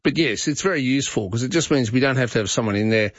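A middle-aged Australian man hosts talkback radio, talking at a quick pace in a medium-pitched voice. He rambles and restarts his sentences, and the studio sound is dry, slightly dull, and free of echo.

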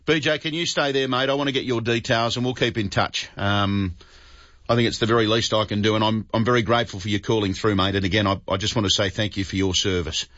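Earnest Australian radio host, lowish voice. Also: male voice, fairly even intonation, fast talker, fairly bright tone, no room sound. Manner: earnest, stumbles and repeats words. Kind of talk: talk radio chat with callers. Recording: dull, dry studio sound.

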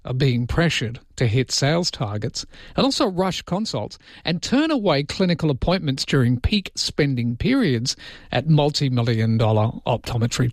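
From a radio studio, an Australian man runs his early-morning show, poking fun at himself while going through listener texts and the newspaper front pages. His fairly high voice comes through a close mic in a dry, studio-quality recording.

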